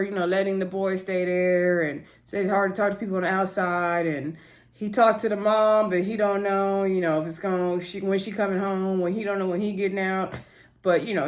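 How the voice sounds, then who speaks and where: Woman, casual vlog recap, rambling, frequent asides, addresses viewers, mid pitch. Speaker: TV episode recap vlogger.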